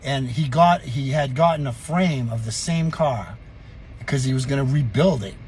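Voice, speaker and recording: A middle-aged man telling a story from his youth in an animated, profane, chuckling way. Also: medium pitch, normal speed, a little hiss or hum. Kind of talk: casual storytelling vlog.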